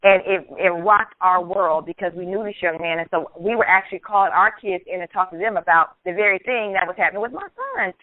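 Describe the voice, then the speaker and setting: A woman hosting a call-in radio talk show, telling a personal story in an earnest, animated way. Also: on the low side, brisk, hardly any pauses, no room sound. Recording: tinny phone-line sound, dry.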